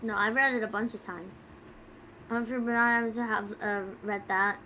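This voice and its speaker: A young woman streams while tipsy, chatting quietly and slowly into a close mic. Her voice sits a little high and bright, with a soft hum of background noise. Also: steady tone, poor audio. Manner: giggly, rambling, talks low and quiet. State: tipsy from drinking. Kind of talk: casual chat with viewers. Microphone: close desk mic.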